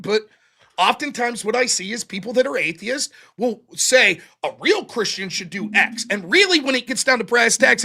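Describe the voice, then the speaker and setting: Animated swearing debate-show host. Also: male voice, very high voice, moderate pace. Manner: animated, profane, quotes opponents in mocking voices. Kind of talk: heated post-debate recap.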